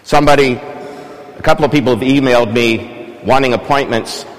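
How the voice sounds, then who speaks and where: A male preacher delivers a sermon in a relaxed, conversational way, regularly turning questions back to the congregation. His voice sits at an ordinary pitch for a man. The sound carries a long reverb from a large church. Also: moderate pace.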